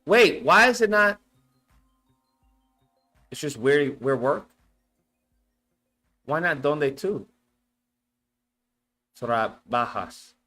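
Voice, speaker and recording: Slow-talking man practicing aloud, swearing. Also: fairly high pitch, animated, pushed and bright, soft background music. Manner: swears a lot, thinks aloud, repeats words to practice. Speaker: streamer reacting to a language lesson. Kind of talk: casual live-stream chat.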